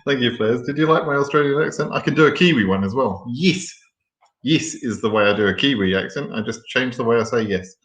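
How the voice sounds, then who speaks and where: A man's voice: mid-range voice, fast talker, hardly any pauses, a bit bright, roomy sound. A man hosting a live question and answer stream, reading viewer questions and answering them frankly, with many ums and restarts. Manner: frank and blunt, reads viewer questions aloud then answers.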